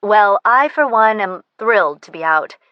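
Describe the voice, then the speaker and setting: A woman's voice: medium pitch, lively intonation, measured pace, no echo, highs cut off, natural voice. A woman voicing an earnest, eager young woman friend in an audiobook.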